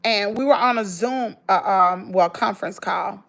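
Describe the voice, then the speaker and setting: A woman's voice: mid-range voice, normal speed, gravelly. Emphatic Southern woman telling a story. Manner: emphatic, colloquial, rambling with restarts. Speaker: vlogger. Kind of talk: emotional storytime to viewers.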